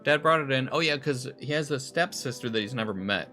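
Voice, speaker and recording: A man's voice: medium pitch, a little fast, pushed and bright, faint music behind. A young man casually rambling and swearing while playing a horror game. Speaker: streamer. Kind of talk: casual gameplay commentary.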